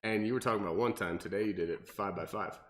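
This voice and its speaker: A man's voice: lowish voice, fast. A man who works as a personal trainer, asking his client prompting questions in a casual podcast chat. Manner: coaching, asks prompting questions.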